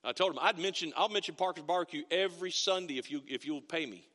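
A man's voice: a little high, quick pace, sharp tone, in a large hall. A middle-aged male pastor preaching a sermon in a folksy, conversational way, telling stories with frequent restarts. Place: church sanctuary.

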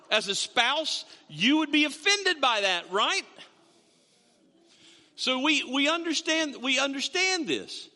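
A man's voice: very high voice, sing-song, unhurried, long pauses, pushed and bright. A man in his fifties, a pastor preaching a sermon in a storytelling way, with self-mocking asides. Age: 50s. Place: church sanctuary. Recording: long reverb of a hall.

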